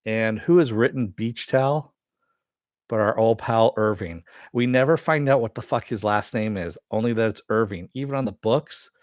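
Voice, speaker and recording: Male reviewer, lower register, dry booth sound; loose conversational recap full of fillers. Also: moderate pace, no echo. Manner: rambling, many "you know" and "uh" fillers. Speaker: TV episode reviewer. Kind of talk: casual episode recap.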